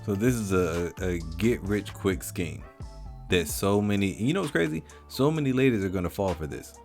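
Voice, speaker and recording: A man's voice: on the low side, lively intonation, normal speed, a little mellow, soft background music. A man reacting to video clips with mocking, emphatic commentary, often repeating his points. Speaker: commentary host.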